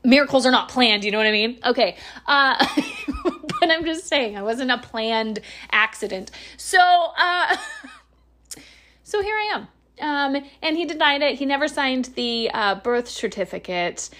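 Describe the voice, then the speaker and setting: A woman talks through a personal story in an unscripted podcast monologue, with a voice that sits a little high. She rambles, restarts and swears freely, often laughing between lines. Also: huge pitch swings, a little slow, pushed and bright.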